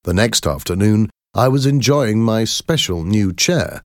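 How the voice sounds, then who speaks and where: A man reading a first-person story aloud in a slow, measured, clear way. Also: lowish voice, expressive, no echo, studio quality. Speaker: narrator.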